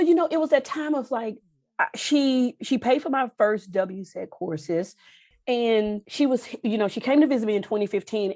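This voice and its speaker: A middle-aged woman from Texas, a podcast guest telling heartfelt stories, her pitch jumping up when she gets animated. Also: no echo. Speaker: podcast guest, wine journalist. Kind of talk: emotional storytelling interview.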